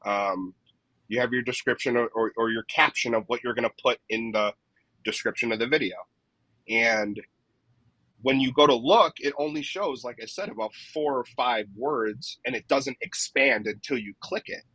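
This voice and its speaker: At a normal speed, a man speaks in a mid-range voice that sounds pushed and bright. He's a dent repair technician guesting on a casual podcast, walking through his advice step by step and frequently checking in with "right?" The recording is dry and rough.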